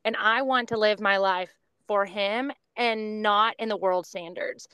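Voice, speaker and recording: Earnest mother sharing her faith, smooth voice. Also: medium pitch, measured pace, sharp tone, no echo. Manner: earnest, reflective, talks in long runs. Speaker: podcast guest. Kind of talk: casual faith-based conversation.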